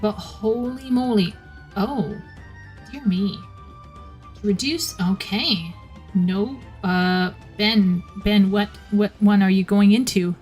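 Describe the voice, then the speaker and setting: A woman's voice: medium pitch, slow, a little mellow, soft background music. A woman casually commenting on a game story while she live-streams it, often restarting her sentences. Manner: chatty, restarts sentences, critiques the writing.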